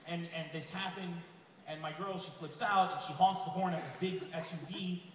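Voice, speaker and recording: A man from Lebanon, doing a rambling, animated live stand-up set in a large hall. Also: high voice, normal speed. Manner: rambling, animated, with frequent restarts. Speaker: stand-up comedian. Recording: echoey hall, distant mic, loud crowd.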